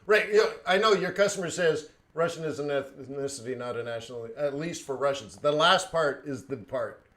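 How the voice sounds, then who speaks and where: A man's voice: a little high, animated, brisk, a bit bright. A man hosting a live trading stream, talking casually with lots of fillers and chuckled asides. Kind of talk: casual chat.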